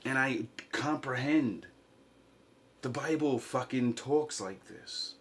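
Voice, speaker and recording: Slow, impassioned man rambling to camera. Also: medium pitch. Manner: impassioned, swings from quiet to loud. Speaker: vlogger. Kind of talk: rambling monologue.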